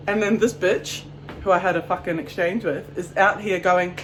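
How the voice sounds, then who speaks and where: A woman with a New Zealand accent, telling a story to camera in a casual, animated and profane way, acting out quotes. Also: mid-range voice, moderate pace, a little hiss or hum, poor audio. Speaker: vlogger.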